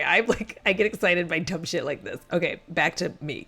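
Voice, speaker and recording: A woman's voice: fairly low pitch, lively intonation, normal speed, vocal fry, hardly any pauses, sharp tone. Giggly rambling woman vlogger. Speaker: movie recap vlogger. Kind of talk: casual movie commentary.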